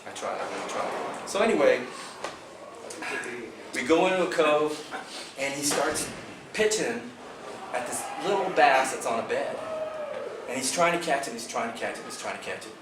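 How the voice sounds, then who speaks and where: A man's voice: mid-range voice, lively intonation, normal speed, long pauses. A man telling a fishing tournament story at a club meeting, acting out the quotes with animation. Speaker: fishing team member recapping a tournament. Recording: echoey room from far off, noisy.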